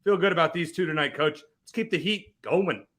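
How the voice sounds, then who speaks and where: Male analyst, high and bright, confident numbers talk. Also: fairly quick. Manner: confident, counts through the numbers out loud. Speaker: sports betting analyst. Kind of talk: making betting picks on a show.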